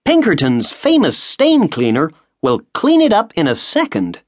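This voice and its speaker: A man voicing a loud, boastful young American man. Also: a little high, wildly swooping pitch, extremely slow, no room sound, studio quality, voice pushed up, full character voice.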